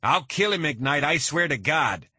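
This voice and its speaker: A man voicing a hot-headed kidnapper, raised and shouting. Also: on the low side, takes it slowly, no echo, clean studio sound, exaggerated voice. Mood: threatening. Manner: shouting, threatening. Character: hot-headed male hostage taker.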